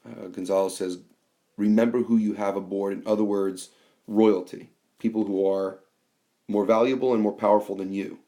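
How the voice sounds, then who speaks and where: A man teaching a class in a screencast, explaining slowly with fillers and reading quoted lines aloud. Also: fairly low pitch, fairly even intonation, dark tone. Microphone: tablet microphone.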